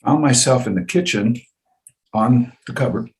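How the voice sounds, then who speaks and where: A man in his seventies, a guest in a conversation, telling a personal story with lively repetition and frequent chuckles. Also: medium pitch, normal speed. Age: 70s. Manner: animated, chuckles often, repeats phrases for effect.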